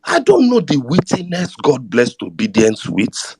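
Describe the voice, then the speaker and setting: A man's voice: medium pitch, huge pitch swings, measured pace, a little mellow, slightly rough, no echo. A man with a Nigerian accent co-hosting a live audio chat room, emphatic and sweeping, mixing in pidgin.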